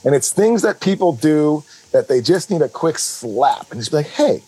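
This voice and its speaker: A middle-aged man co-hosting a podcast, telling stories in an animated, rambling way full of restarts. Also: fairly high pitch, moderate pace, breathy edge, low-quality recording. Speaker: podcast co-host. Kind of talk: casual chat.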